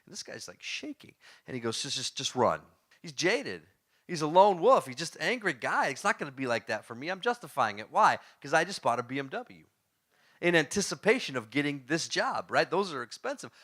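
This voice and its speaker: A man giving a storytelling talk to a live audience. He is animated, laughs often, and throws questions at the crowd. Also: on the high side, brisk. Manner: laughs often while telling stories. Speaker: motivational speaker.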